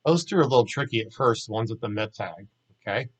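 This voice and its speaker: A man with a Southern American accent teaching a grammar lesson in a casual way, saying each word slowly and repeating it for drill. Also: on the low side, lively intonation, rough recording. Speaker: Hebrew teacher.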